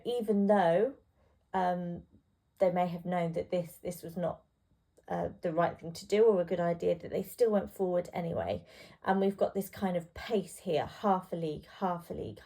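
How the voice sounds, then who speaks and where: A woman's voice: mid-range voice, dark tone. A woman tutor talking through a poem in a casual revision lesson, with plenty of ums and restarts. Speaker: English literature tutor.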